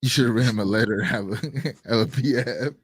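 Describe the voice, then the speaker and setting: A man co-hosting a live stream show, telling a story in casual chat, animated and swearing, acting out quotes loudly. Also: mid-range voice, fast talker, husky. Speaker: podcast co-host.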